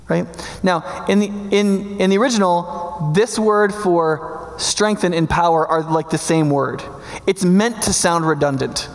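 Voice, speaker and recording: A man preaching a sermon in a relaxed teaching tone, often pausing to ask his listeners "right?" His voice sits a little high with a gravelly edge. The sound carries a long reverb, as from a large hall. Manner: conversational teaching with frequent "right?" check-ins. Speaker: pastor.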